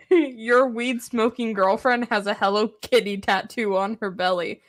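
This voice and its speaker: A woman's voice: a little high, fairly even intonation, unhurried. A woman co-hosting a casual podcast, giving teasing, mocking commentary. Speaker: podcast co-host. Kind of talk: casual chat.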